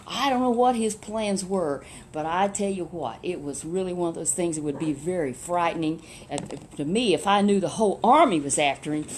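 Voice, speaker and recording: A woman casually retelling a Bible story, chatty and animated, with many rhetorical questions. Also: fairly low pitch, moderate pace, slight background noise.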